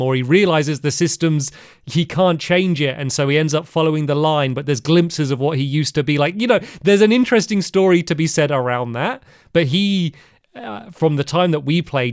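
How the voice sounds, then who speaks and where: A man's voice: mid-range voice, smooth, no echo, clean studio sound. A man co-hosting a casual game-review podcast, rambling with lots of filler words. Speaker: podcast co-host. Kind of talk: casual chat.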